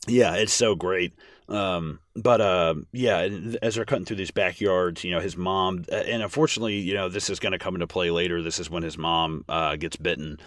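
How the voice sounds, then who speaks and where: Deep voiced guy rambling about a movie on a podcast, lots of ums, dry mic. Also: fairly even intonation, a little fast, a bit bright, no room sound. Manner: rambling, many fillers and restarts. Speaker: podcast co-host. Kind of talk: casual movie podcast chat.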